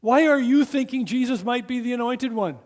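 A man's voice: very high-pitched, moderate pace, a little mellow, pitched above the performer's own voice. A man acting out indignant, scornful religious leaders who scold their listeners, in a reverberant hall.

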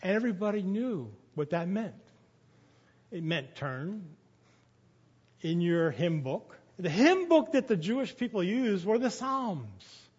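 A man with a high, slightly rough voice preaches a sermon at an unhurried pace, with big pitch swings. He drops quiet and then rises loud when quoting scripture. The recording sounds dull and muffled, with a long reverb trailing through a church hall.

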